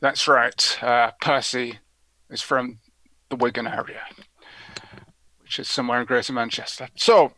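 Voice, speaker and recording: A man's voice: mid-range voice, level tone, a little slow, pauses often, bright, forceful tone, dry recording. A man hosting a prank call show, rambling through comedic commentary with giggly asides.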